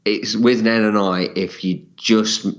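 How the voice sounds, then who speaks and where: Podcast host, low voice, dry humor, relaxed chat. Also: male voice, slow pace, highs cut off. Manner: dry, jokey asides. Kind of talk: casual film chat.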